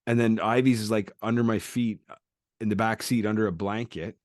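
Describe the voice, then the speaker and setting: A man's voice: fairly low pitch, brisk, dry recording, clean studio sound. A man, a podcast host, telling a road-trip story in casual chat, swearing freely and acting out the people he met. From Canada. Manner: animated storytelling, acts out quoted people, swears a lot.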